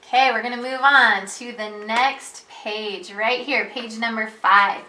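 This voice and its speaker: A woman leads a preschool reading lesson, slow and patient, with a bright, slightly high voice. She talks in a sing-song way and jumps up into excited calls when she reads out loud. The room around her sounds echoey. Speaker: preschool teacher. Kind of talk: reading lesson for young children.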